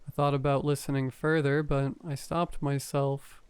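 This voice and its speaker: A man reading a first-person horror story aloud, calm and measured as a storyteller. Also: mid-range voice, clear, resonant tone.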